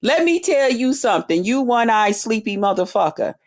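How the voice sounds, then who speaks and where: A woman's voice: fairly high pitch, big pitch swings, moderate pace, a little mellow. Cursing, confrontational woman ranting. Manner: profane, confrontational, taunting. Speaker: online streamer. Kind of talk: angry rant to camera.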